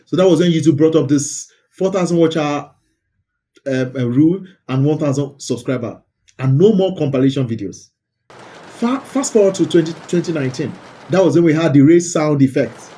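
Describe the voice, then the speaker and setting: A man's voice: a little high, mellow. Emphatic man walking through videos. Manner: emphatic, repeats words and phrases. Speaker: YouTube creator and host. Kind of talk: casual screen-share commentary.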